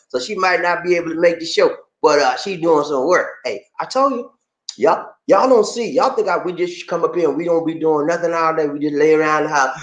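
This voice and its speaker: A man hosting a casual livestream, playful and animated, greeting viewers by name and laughing often. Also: sits high, brisk. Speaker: livestream host. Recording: echoey room.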